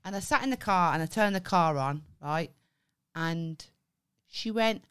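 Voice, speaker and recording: A young woman, a casual podcast co-host with a somewhat low voice. She tells stories with plenty of swearing and keeps checking in with "right?" Her delivery is loose and conversational. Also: a little slow, a bit bright, clean tone. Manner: chatty storyteller, swears a lot, keeps saying "right?". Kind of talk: casual chat.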